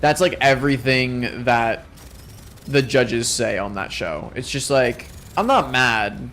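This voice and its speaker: A young man talks through his game run in a tired, rambling, self-deprecating way, joking about his own skill. His voice sits in an ordinary middle pitch. A faint hiss of noise runs under the recording. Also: slow, fairly bright tone. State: exhausted. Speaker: streamer. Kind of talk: casual gameplay commentary.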